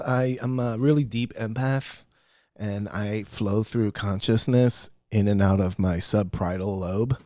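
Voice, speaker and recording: A man's voice: fairly low pitch, steady tone, a little slow, darkish tone, no room sound, studio quality. A middle-aged man hosting a podcast, rambling through a profane, self-mocking solo rant. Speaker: podcast host. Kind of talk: casual solo podcast monologue.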